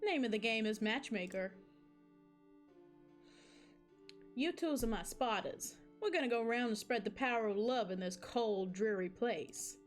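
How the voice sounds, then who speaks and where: Fast-talking greaser Cupid, male figure, read by a woman: slangy, pushy, on the high side. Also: soft background music, lightly acted.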